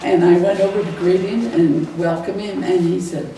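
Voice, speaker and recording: Fairly low in pitch and warm in tone, her voice keeps a fairly even intonation and moderate pace. She's an older retired teacher fondly recounting classroom memories, chuckling now and then. Expect echo, a distant mic and a little background noise.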